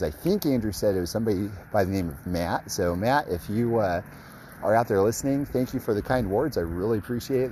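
A man telling an excited, rambling story about his custom card work, full of fillers. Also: sits low, a little hiss or hum, rough recording. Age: adult, grew up a fan. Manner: rambling, many fillers, gushing.

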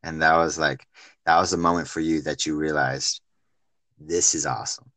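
A man's voice: rumbling low, fairly even intonation, normal speed, pushed and bright, dry recording. A man interviewing a guest about faith, laid-back and full of fillers.

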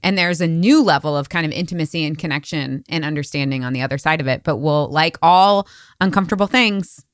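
A woman host with a low voice, talking earnestly and thoughtfully in a relaxed interview. Her words come close and dry, with no room sound. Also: brisk, dry recording. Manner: reflective, earnest, affirming murmurs. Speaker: podcast host. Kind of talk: casual conversational interview.

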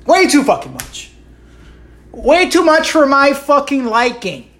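A woman with a slightly raised pitch rants alone into her podcast mic. Her talk is loose and profane, full of sarcasm and rhetorical questions. She keeps circling back with quick asides to the listener. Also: very animated, a bit bright. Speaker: podcast host. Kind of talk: solo podcast rant.

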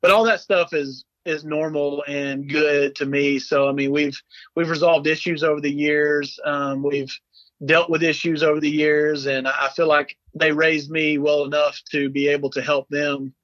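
A man from South Carolina with a Southern accent, chatting as a podcast guest in a relaxed, rambling way with many fillers. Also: a little high, normal speed, no echo, muffled recording. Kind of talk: casual chat.

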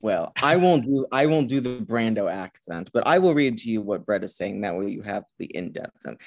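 A man co-hosting a casual movie podcast, talking in an animated way and reading film lines aloud. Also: on the low side, normal speed, few pauses. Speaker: podcast co-host.

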